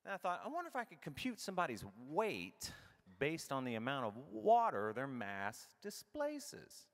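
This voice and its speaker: A middle-aged man giving a comedic keynote talk, animated and irreverent, acting out his own thoughts as he tells the story. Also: on the high side, normal speed. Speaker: keynote speaker. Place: large conference hall. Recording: long hall reverb.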